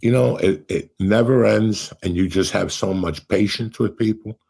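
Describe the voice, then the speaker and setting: A middle-aged man hosting a podcast, telling stories in a profane, animated way and acting out what people said. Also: lowish voice, moderate pace, vocal fry, breathy edge. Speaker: podcast host. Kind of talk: casual storytelling chat.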